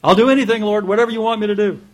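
A man voicing a panicked man hanging from a cliff, yelling for help in a shrill, strained voice. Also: huge pitch swings, slow, husky, exaggerated voice. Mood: frantic. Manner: frantic, yelling.

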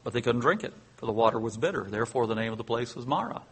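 Husky-voiced man teaching from the Bible. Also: medium pitch, racing. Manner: reads scripture aloud and dramatizes it with rising excitement, chuckling often; conversational, asides with fillers and self-corrections. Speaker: preacher.

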